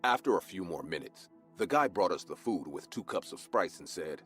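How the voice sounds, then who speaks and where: A man narrating a scripted horror story in a lively, expressive way. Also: sits low, normal speed, soft background music.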